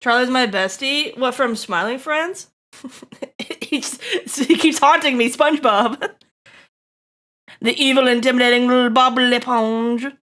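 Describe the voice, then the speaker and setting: A woman streaming live, chatting to her viewers in an excitable, giggly way. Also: on the high side, unhurried. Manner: excitable, giggly, talks straight to chat.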